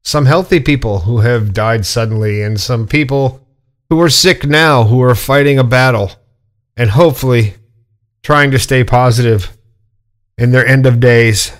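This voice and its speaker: A man's voice: medium pitch, moderate pace. A middle-aged man hosting a podcast, talking casually and bluntly, with swearing, as he lectures about staying positive. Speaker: podcast host. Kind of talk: casual monologue.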